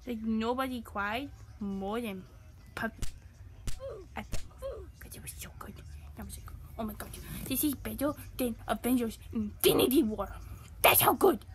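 A woman voicing a silly, boastful young puppy who talks through a game, giddy and bragging, jumping between shouts and whispers. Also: a little high, normal speed, close to an everyday voice. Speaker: channel host. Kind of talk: gameplay commentary in character.

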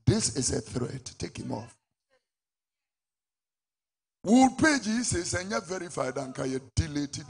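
Raspy, animated Ghanaian preacher man. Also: on the high side, measured pace. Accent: Ghanaian English. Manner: animated preaching with sudden shouted peaks. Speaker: prophet and preacher. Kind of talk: sermon.

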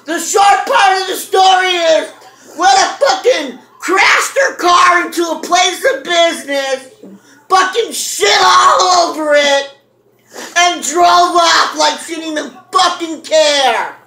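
Loud, shrill woman ranting in a roomy space. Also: slow. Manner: yelling, laughing and cursing through a rant. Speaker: storyteller. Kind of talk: loud profane storytelling. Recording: roomy echo.

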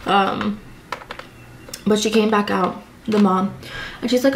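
Young woman, food vlogger, casual rambling chat, lots of fillers, middle pitch, faint background noise. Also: normal speed, pauses often, low-quality recording. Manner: chatty storytelling, many fillers and "like". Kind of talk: casual eating vlog chat.

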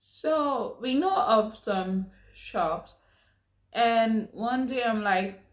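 A woman's voice: on the high side, animated, drawn-out words. A woman from Nigeria chatting casually in a vlog, explaining slang while she does her makeup. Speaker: vlogger.

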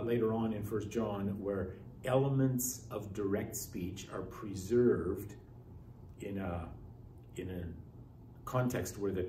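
Recorded from a distance, a man with a darkish tone lectures in an echoey classroom, off-mic with faint hiss. He teaches Greek, explaining grammar step by step, posing rhetorical questions, his pitch rising and falling widely.

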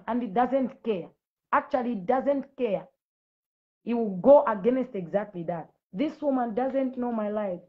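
A woman's voice: a little high, phone-quality sound. A woman in her late thirties giving a fervent live-stream testimony, preaching and scolding commenters directly. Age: late 30s. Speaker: Christian ministry host.

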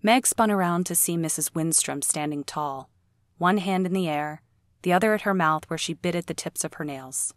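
A woman reading a novel aloud as an audiobook narrator, in a steady storytelling read. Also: on the low side, normal speed, no echo, clean studio sound.

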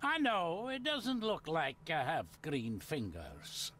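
A man with a Scottish accent playing a gruff, secretive gardener who clings to the old ways, speaking slowly and guardedly. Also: fairly high pitch, huge pitch swings, a bit bright, slight background noise, heavily acted. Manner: slow, guarded, dialect-heavy. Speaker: game character.

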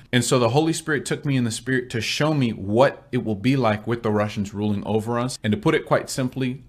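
A man's voice: medium pitch, brisk, hardly any pauses. A married man recounting a spiritual vision in vivid, plain-spoken storytelling.

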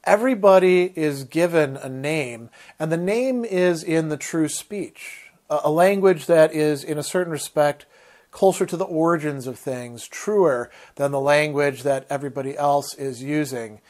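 A man lectures on literature in a thoughtful, unhurried way, often restarting his sentences. He breaks off to read passages aloud, and his voice sits fairly high for a man. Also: darkish tone.

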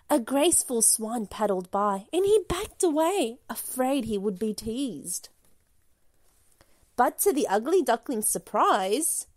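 A woman reads a children's storybook aloud at an unhurried bedtime pace. Her voice sits a little high and rises and falls widely as she tells the story gently. The sound is dry and close, with no room echo. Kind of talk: reading a children's picture book aloud.

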